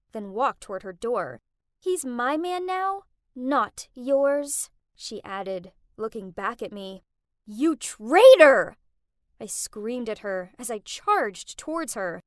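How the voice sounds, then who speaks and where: Young woman, animated storytime narrator, dramatic first-person telling, high voice, very lively pitch. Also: no echo, studio quality.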